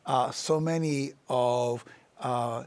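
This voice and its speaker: A man's voice: mid-range voice, steady tone, slow, darkish tone. A man hosting a conversational interview, affirming his guest and asking long questions. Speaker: interview host, university chancellor.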